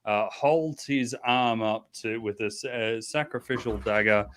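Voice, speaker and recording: Halting man running a tabletop game. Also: fairly low pitch. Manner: halting, many restarts and fillers. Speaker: game master.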